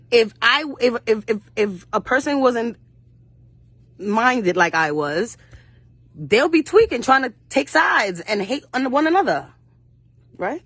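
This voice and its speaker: A woman's voice: a little high, fairly bright tone, breathy edge, dry recording. A young woman, an actress speaking as a guest in an interview, telling personal stories bluntly and fiercely, cursing often and acting out other people's voices. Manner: blunt and fiery, with frequent cursing; acts out quoted voices of her mother and others. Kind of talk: passionate storytelling in an interview.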